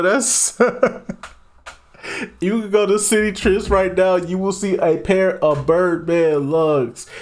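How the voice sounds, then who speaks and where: A man hosting a reaction video, swearing and mocking what he watches, laughing loudly and talking in slangy street talk. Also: on the high side. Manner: profane, mocking, bursts into loud laughter. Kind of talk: casual reaction commentary.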